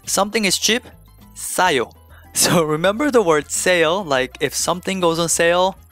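A man teaching an online language lesson, explaining clearly and slipping in small jokes. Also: high-pitched, moderate pace, fairly bright tone, soft background music. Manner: playful, slips in small jokes.

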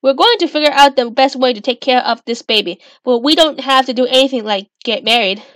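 A woman reading the lines of a calm, earnest pregnant teenage girl in a story game. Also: sits high, fairly quick, no echo, clean studio sound.

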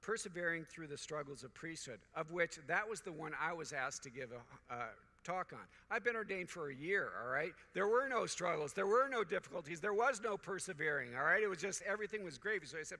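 A man's voice: a little high, lively intonation, fairly quick, few pauses, bright, forceful tone, big-room sound. A middle-aged man, a priest, preaching a conference homily to fellow priests in an earnest, repetitive cadence, telling anecdotes. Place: large conference hall.

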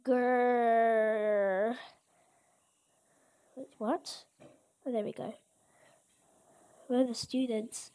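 A woman host giving casual gameplay commentary, excitable and exclaiming at each surprise. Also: on the high side, takes it slowly, pauses often. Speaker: gaming channel host.

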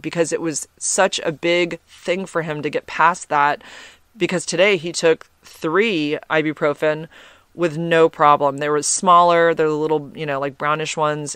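A man's voice: fairly high pitch, a bit bright, clean tone, no echo, clean studio sound. A man hosting a podcast, chatting loosely through a personal story with lots of "like" and blunt swearing. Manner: chatty, rambling, peppered with "like" and frank swearing. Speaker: podcast host.

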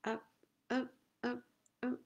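A woman leading a live guided face massage session, giving slow, soothing step-by-step cues. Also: fairly high pitch, monotone, creaky, dull audio. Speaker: self-care instructor.

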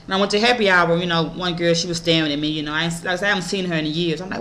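A woman's voice: fairly low pitch, very fast, slight background noise, rough recording. A woman, chatting casually to camera about her shopping haul, blunt and profane, telling stories animatedly. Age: adult mother. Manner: animated storytelling, acts out others' voices. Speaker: vlogger showing a shopping haul.

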